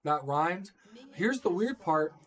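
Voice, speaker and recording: A man's voice: a little high, lively intonation, takes it slowly. A young man co-casting an esports stream, telling rambling, crude, laid-back stories. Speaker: esports caster. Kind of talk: casual co-casting banter.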